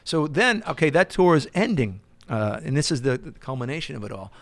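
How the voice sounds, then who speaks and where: A middle-aged man with a New York accent, telling an animated story as a podcast guest. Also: fairly high pitch, fairly quick, dry recording. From United States. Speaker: guest musician. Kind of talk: storytelling in casual chat.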